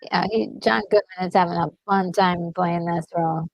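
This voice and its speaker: A woman co-hosting a watch party, chatting softly and agreeing often. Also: lowish voice, steady tone, normal speed, vocal fry, no echo, low-quality recording. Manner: soft-spoken, agreeable, many mm-hmms. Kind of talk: casual commentary while watching a film.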